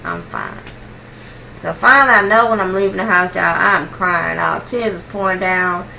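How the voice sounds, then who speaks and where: A young woman vlogger telling a personal story in a casual, slangy, animated way, swinging between hushed and loud. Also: lowish voice, moderate pace, creaky, distant mic, slight background noise, rough recording.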